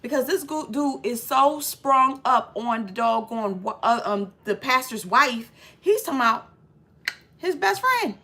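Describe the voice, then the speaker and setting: A woman talks through a movie plot in a loose, chatty way, full of slang and filler. Her voice sits a little high and sounds bright and sharp. She acts out the scenes as she retells them. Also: unhurried, few pauses. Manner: lively storyteller acting out scenes. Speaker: movie reviewer. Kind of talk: casual movie recap.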